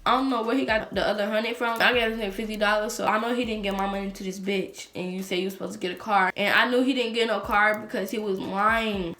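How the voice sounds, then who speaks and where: A teenage girl tells a storytime vlog, blunt and full of swearing. She talks at a rapid clip, and her voice bounces around an echoey room. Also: mid-range voice, fairly bright tone. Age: teens. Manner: blunt, profane and fast-talking. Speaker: vlogger. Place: bedroom at home.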